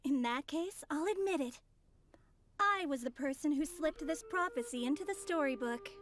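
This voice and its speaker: A woman's voice: high voice, lively intonation, moderate pace. A woman voicing a composed, polite young woman of mystery in a dubbed video game.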